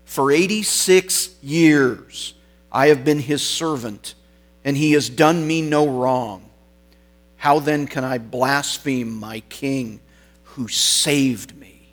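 A solemn old bishop facing his death without fear, as a male preacher acts him out. He speaks clearly and firmly, slowly and with steady resolve. It is a dramatic sermon retelling. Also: medium pitch, faint music behind, natural voice. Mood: resolute.

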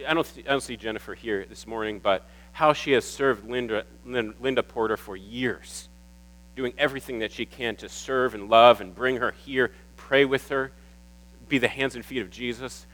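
A man preaching a sermon to his church, warm and emotional, often stumbling and repeating words. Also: medium pitch, moderate pace, poor audio. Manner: warm, emotional, getting teary at times. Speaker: pastor.

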